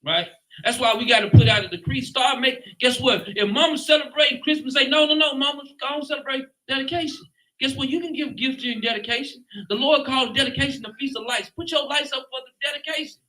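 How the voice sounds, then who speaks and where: A man's voice: very high-pitched, fast talker, bright, forceful tone, rough recording. A man leading a Bible class in an emphatic preaching style, often asking "guess what" and ending lines with "man". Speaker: lead teacher.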